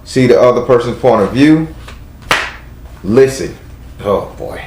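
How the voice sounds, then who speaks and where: A man's voice: mid-range voice, lively intonation, unhurried, roomy sound, background noise. A man with a Southern US accent giving a live tarot reading to a caller, blunt and chatty, talking aloud to spirits as he goes. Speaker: tarot reader.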